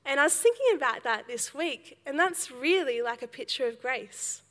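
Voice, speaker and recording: A young woman preaching with a bright, forceful voice that sits a little high. She tells her story in a lively way, acting out quotes as she goes. Her voice rings with the long reverb of a hall. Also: moderate pace. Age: young adult. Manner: storytelling with laughs and acted quotes, animated. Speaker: speaker at a church service. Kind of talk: sermon.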